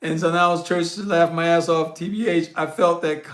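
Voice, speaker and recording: A man's voice: on the high side, fairly even intonation, moderate pace, fairly bright tone, roomy sound. A man hosting a casual livestream, reading viewer comments aloud and answering in a loose, slangy way with frequent laughs. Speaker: livestream host reading chat.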